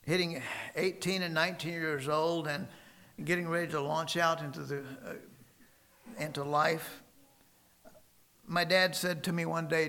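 A man preaching a sermon and telling stories emphatically, with sudden loud stresses and soft drops. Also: on the high side, fairly even intonation, a little slow, long pauses.

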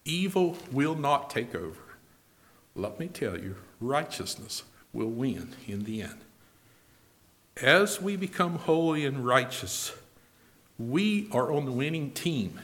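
This man delivers a sermon, moving between loud proclamations and quiet, low asides, with big swings in pitch. When he reads scripture, his cadence turns slow and old-fashioned.

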